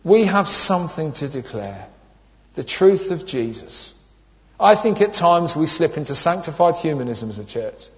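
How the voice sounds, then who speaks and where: In a sermon, a man in his thirties with a high, light voice tells funny stories at a moderate pace, very animated, acting out the people in them. The audio is dull and lo-fi, with the long echo of a church hall.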